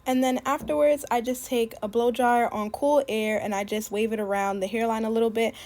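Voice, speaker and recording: A young woman giving a casual voice-over for a wig tutorial, talking fast and packing in "like" and other fillers. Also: fairly high pitch, steady tone, darkish tone. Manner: chatty, fast, many "like" fillers. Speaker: beauty YouTuber. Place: home, voice-over recorded separately.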